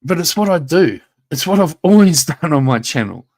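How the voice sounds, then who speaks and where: His voice runs a little high and sing-song, a bit mellow, at a moderate pace, yet the content is a confrontational livestream rant. The male YouTube streamer talks straight at his rival, swearing, taunting, and repeating himself.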